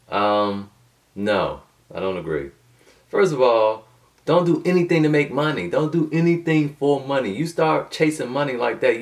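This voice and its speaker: A man with a fairly low voice talks to camera in a loose, rambling way, full of slang, restarts and side tangents. He sits back from the microphone, so the sound is a little distant. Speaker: motivational video host. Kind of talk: casual talking-to-camera monologue.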